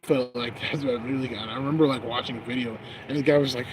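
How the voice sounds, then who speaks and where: Out on a traffic-filled street at night, the same kind of smoke-break monologue continues: a vlogger drifting between thoughts with slang and swearing. His voice is mid-range, quick, and barely pauses.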